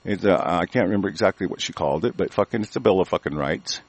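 A man from the United States delivering a heated, profane monologue rant, cursing constantly and growing louder as he argues. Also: sits low, fast talker, breathy edge, dry recording.

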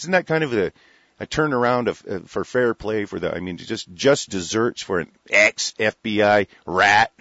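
A man's voice: lowish voice, moderate pace, gravelly, fairly bright tone, no echo. A man reading a news article aloud and breaking off into heated, profane rants about it. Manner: profane, heated, interrupting his own reading to rant. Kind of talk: reading an article with angry commentary. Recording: dull lo-fi sound.

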